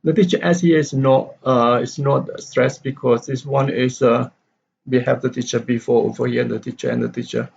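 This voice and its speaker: Gravelly man teaching in halting steps. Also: medium pitch, steady tone, darkish tone. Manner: halting, with frequent pauses and fillers. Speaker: English teacher. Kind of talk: explaining stress in story reading. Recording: dull lo-fi recording.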